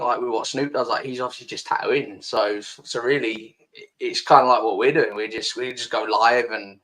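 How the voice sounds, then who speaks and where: A man's voice: medium pitch, fairly bright tone, rough recording. A man hosting a podcast as a casual chat, talking freely and swearing a lot. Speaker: podcast host. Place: home, sitting with laptop.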